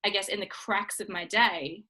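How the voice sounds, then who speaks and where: A woman hosts a relaxed interview. She talks in an encouraging, easygoing way, with casual fillers. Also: mid-range voice, normal speed, rough recording. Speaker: interviewer, team leader.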